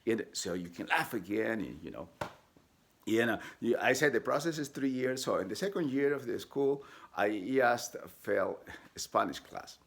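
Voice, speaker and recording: A man telling a personal story, halting with many fillers and restarts, and acting out the people he quotes in sudden high voices. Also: lively intonation, gravelly. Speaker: vlogger telling his life story.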